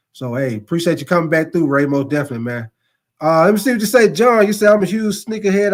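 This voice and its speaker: A man hosting a casual sports live stream, chatting loosely, laughing and thanking viewers by name. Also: fairly high pitch. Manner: laid-back, laughs often, repeats "most definitely, man".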